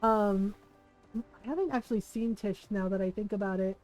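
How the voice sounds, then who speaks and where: A woman streaming a game and chatting casually, telling animated stories with frequent laughs and lots of "like" fillers. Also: medium pitch, moderate pace, soft background music. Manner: animated storyteller, laughs often, many "like" fillers. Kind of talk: casual chat while playing a game.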